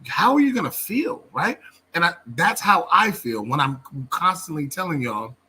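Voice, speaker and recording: Bright-voiced, blunt-talking man. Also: on the high side, sing-song, normal speed, slight background noise. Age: adult, a father. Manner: blunt, plain-spoken, swears casually. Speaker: men's circle participant. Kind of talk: casual group discussion.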